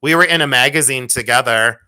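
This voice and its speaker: A middle-aged woman hosting a live sale stream in a playful, rambling way. Her voice is bright and forward, and she pokes fun at herself. She talks casually to her viewers. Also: rumbling low, brisk. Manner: chatty, self-mocking, playful. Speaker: livestream jewelry sale host. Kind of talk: casual livestream chat.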